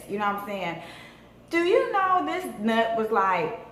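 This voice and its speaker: Animated woman telling a storytime. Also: fairly high pitch, unhurried. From Southern California. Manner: animated, dramatic storytelling with lots of swearing and slang. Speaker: vlogger. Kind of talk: storytime vlog. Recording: echoey room with faint noise.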